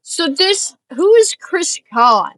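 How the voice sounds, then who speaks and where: A woman streamer with a high voice talks at a slow, unhurried pace, rambling through self-deprecating asides and fillers. She is from the northern United States. Her voice sits close and dry on a desk mic. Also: sing-song, a bit bright, no room sound, low-quality recording. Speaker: streamer reacting to videos. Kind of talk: casual reaction commentary.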